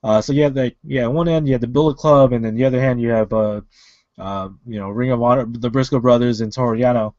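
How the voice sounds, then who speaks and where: A man co-hosts a casual wrestling podcast from an online call, talking in a loose, rambling way full of fillers and restarts. His voice sits at an ordinary middle pitch. The sound is close and dry, with no room around it. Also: steady tone, fast talker, darkish tone, dry recording, muffled recording. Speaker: podcast co-host.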